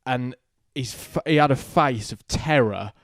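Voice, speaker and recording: A man chatting on a podcast, joking and telling stories from the tattoo shop. His pitch is mid-range and the sound is dry and close-miked, with no room around it. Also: no room sound. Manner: joking storyteller, quick banter. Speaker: tattoo artist, podcast co-host. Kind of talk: casual podcast chat. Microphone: podcast microphone.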